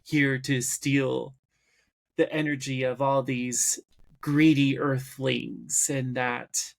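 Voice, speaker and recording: Slow, explaining male podcast co-host. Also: mid-range voice, flat delivery, vocal fry. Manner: slow, explanatory, recaps plot at length. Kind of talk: casual podcast chat recapping an episode.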